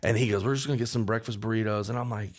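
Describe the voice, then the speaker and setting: A man's voice: lowish voice, steady tone, very fast. A male songwriter telling a story in casual chat, acting out the people he quotes. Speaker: songwriter guest.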